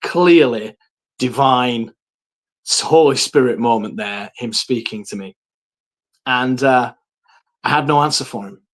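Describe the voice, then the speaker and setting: A man's voice: medium pitch, unhurried, pauses often. Earnest man recounting his life story. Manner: earnest, reflective storytelling with frequent ums. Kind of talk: personal faith testimony.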